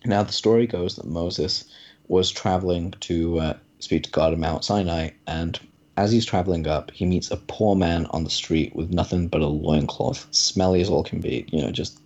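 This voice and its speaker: A man's voice: deep voice, normal speed, a little mellow, highs cut off. A man in a casual podcast conversation, telling a parable loosely with many fillers.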